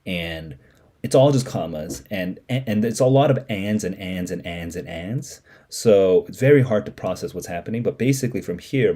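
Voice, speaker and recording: In a live reading reaction, a man goes through a short story passage line by line, stopping to explain as he goes. His husky, mellow voice rises and falls expressively, and he thinks aloud with lots of fillers and restarts.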